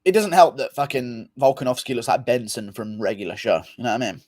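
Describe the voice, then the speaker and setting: A man's voice: mid-range voice, quick pace, darkish tone, no room sound. A man hosting a casual livestream, reading viewer comments in a loose, offhand manner and swearing freely. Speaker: livestream host.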